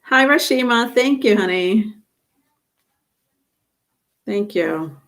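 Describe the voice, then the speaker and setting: A woman's voice: medium pitch, expressive, slow, a bit bright. A woman giving a live-stream tarot reading, chatting with viewers and calling them by name. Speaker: tarot reader.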